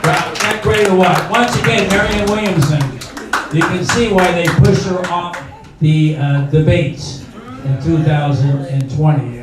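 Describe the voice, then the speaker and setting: An older man in his late seventies emcees a comedy benefit on stage at a bar venue, rambling in a folksy way full of fillers. His voice sits high with fairly even intonation and a slightly slow pace. The far-miked recording is echoey, with crowd noise and music in the background.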